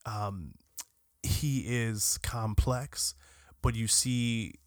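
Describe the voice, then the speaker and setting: A man's voice: medium pitch, steady tone, very slow, no room sound, studio quality. A man co-hosting a podcast, talking casually and animatedly about a film, swearing and restarting sentences often. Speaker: podcast co-host.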